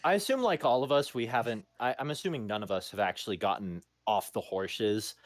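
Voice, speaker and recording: A man's voice: on the low side, a little fast. An American man playing a tabletop game, chatting casually and joking. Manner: chatty, jokey, laughs often. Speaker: player.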